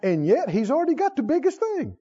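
Animated high-voiced male preacher. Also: fairly quick, dull audio. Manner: animated, questioning the crowd, laughing now and then. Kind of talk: sermon.

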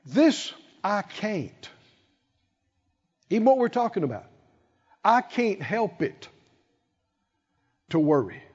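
A man preaching a sermon with emphasis, acting out quoted voices and building to loud peaks. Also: sits high, sing-song, takes it slowly, long pauses, breathy edge. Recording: dull, reverberant hall sound.

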